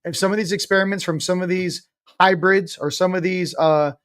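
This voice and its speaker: A man in his forties speaks as an interview guest with a voice pitched a little above most men. He talks bluntly and emphatically, drops casual swear words and pokes fun at himself with a sarcastic streak. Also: steady tone, a little fast, a bit bright. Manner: sarcastic, self-mocking. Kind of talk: casual spiritual interview talk.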